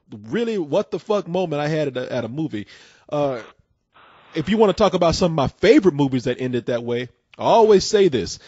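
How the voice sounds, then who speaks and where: A man hosting a casual call-in show, an excitable storyteller who acts out scenes with loud bursts. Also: a little high, slightly rough, dry recording, muffled recording.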